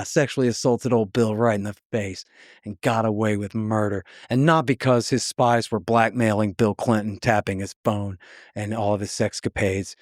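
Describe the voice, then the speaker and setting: A man's voice: lowish voice, steady tone, normal speed, no room sound, clean studio sound. A man being interviewed on a podcast, talking bluntly and sarcastically, mocking the people he quotes as he tells his story. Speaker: guest.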